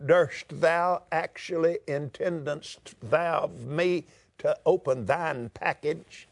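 A man's voice: on the high side, slow, creaky, no echo, pitched below the performer's own voice. A Texan man putting on an overly pious man praying in stilted old English, with affected solemnity. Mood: mock-solemn.

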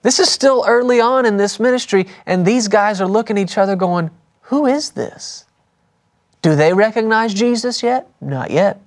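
A man's voice: high-pitched, fairly quick, hardly any pauses. Emphatic male preacher, repetitive. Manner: emphatic and repetitive, dropping soft for key points. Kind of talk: broadcast sermon.

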